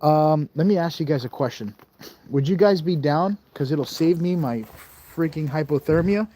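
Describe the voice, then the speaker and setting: A man's voice: on the high side, moderate pace, warm tone. A man hosting a live stream outdoors on a cold night, joking with viewers while sniffly and coughing from the cold, talking into a handheld camera. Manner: chatty, jokey, talks straight to viewers. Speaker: live-streaming ghost-hunting host. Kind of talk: casual live-stream chat.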